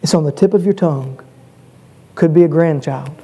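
A high-voiced man delivers a sermon in a mellow, soft-edged tone. He speaks earnestly, doubling words as he presses a point and climbing to emphatic peaks. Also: moderate pace, husky. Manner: repeats words when stressing a point. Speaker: preacher.

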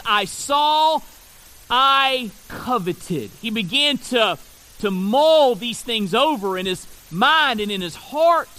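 A man preaching a sermon. He reads scripture aloud and stresses key words with slow pauses. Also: sits high, bright, forceful tone. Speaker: pastor.

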